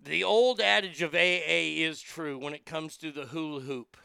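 A man's voice: fairly high pitch, moderate pace, creaky, sharp tone, smooth, no echo. A man hosting a show, ranting angrily with heavy swearing. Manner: profane, heated, swearing often. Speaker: host. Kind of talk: angry commentary rant.

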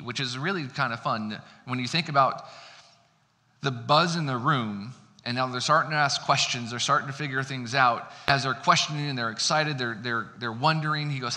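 Male pastor, informal preaching, chatty and self-deprecating, bright tone, long hall reverb. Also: medium pitch, a little fast. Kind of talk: casual conversational sermon. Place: church sanctuary.

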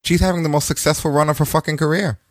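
A man's voice: fairly high pitch, fairly even intonation, rapid-fire, no room sound. A man casually recapping wrestling results on a podcast, loose and profane, cracking jokes as he goes. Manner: loose, profane, joking storytelling. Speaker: podcast co-host.

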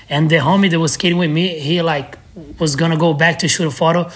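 Animated Brazilian-accented man telling stories. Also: on the high side, fast talker. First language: Portuguese. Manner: animated, acts out friends' lines, laughs often. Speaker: guest, pro skateboarder. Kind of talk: casual podcast storytelling.

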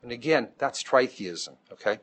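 A man's voice: medium pitch, expressive, moderate pace, fairly bright tone, breathy edge. A man teaching a Bible class, explaining step by step and checking in with the class as he goes. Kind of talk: classroom lecture.

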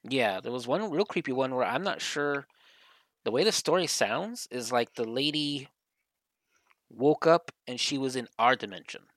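On his co-hosted podcast, a man spins a meandering, casual story in which "like" keeps cropping up. His medium-pitched voice is animated and fairly bright, his pace moderate, and the recording is dry.

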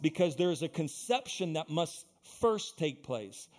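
A man's voice: a little high, big pitch swings, measured pace, darkish tone. A male pastor preaching a sermon in a church, building into fervent, repetitive exhortation.

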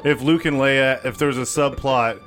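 A man's voice: mid-range voice, fairly even intonation, moderate pace, fairly bright tone, faint music behind. Rambling, filler-heavy podcast man. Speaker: podcast co-host. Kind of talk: casual chat.

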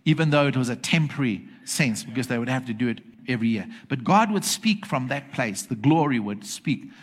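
A man's voice: mid-range voice, lively intonation, a little fast. Emphatic male preacher. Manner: emphatic, asks the congregation for agreement. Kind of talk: sermon. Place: church with congregation.

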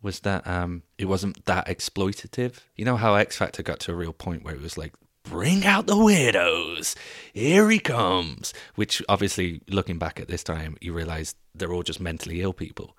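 A young man hosting a podcast, telling stories in a casual, animated, comedic way, swearing and laughing as he goes. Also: low voice, brisk, hardly any pauses, dry recording, studio quality. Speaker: podcast host.

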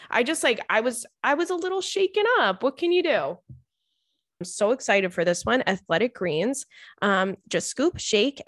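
A young woman hosts a casual podcast, telling stories in a chatty, animated way, laughing often and swearing freely. Her voice sits at an ordinary middle pitch. It is recorded close and dry, with no room sound. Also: no echo. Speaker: podcast host reading listener stories. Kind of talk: casual chat.

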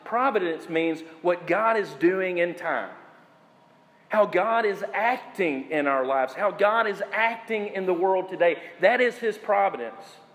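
High-voiced preaching man in a reverberant hall. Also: fairly bright tone. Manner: preaching with slow emphatic phrases and questions to the congregation. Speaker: pastor. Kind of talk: sermon.

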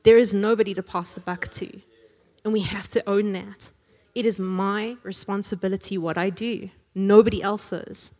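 A woman's voice: medium pitch, fairly even intonation, moderate pace, a little mellow. A woman preaching a sermon in a chatty, conversational way, often tagging lines with a question and joking along the way. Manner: conversational, tag questions, jokey asides with laughs. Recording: long hall reverb.

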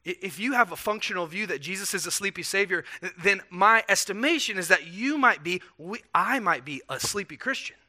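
A man's voice: sits high, animated, fairly quick, hardly any pauses, bright, forceful tone. A pastor preaching a sermon in an earnest, conversational way, asking rhetorical questions and often repeating words as he restarts.

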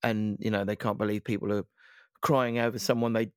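A man's voice: on the low side, little pitch movement, a little fast, clear, resonant tone, no room sound, studio quality. A man hosting a casual chat, speaking hesitantly with lots of restarts as he gathers his thoughts.

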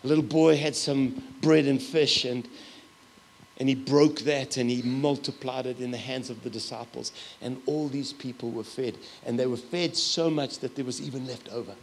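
A middle-aged man preaching a sermon as a pastor, telling stories with loud, animated asides. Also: medium pitch, normal speed, a little hiss or hum.

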